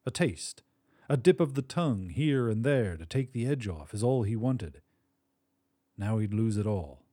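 A man narrates a story in a steady, measured read. His voice is dark and mellow, at an ordinary middle pitch. The recording is dry and close, with no room sound. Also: no echo.

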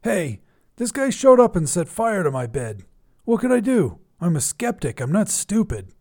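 A man voicing a skeptical, dry-witted male priest in a raised, lively, sardonic voice. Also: high-pitched, normal speed, pitched above the performer's own voice. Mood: wry.

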